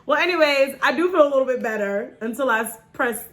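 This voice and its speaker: A woman in her thirties chats straight to camera in a casual vlog, joking through her nerves before a dental procedure. Her voice sits a little high, and she keeps the talk loose and personal, swinging between wry jokes and pep talk. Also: quick pace. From New York. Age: 30s. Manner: chatty and joking, lively swings in pitch. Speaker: vlogger.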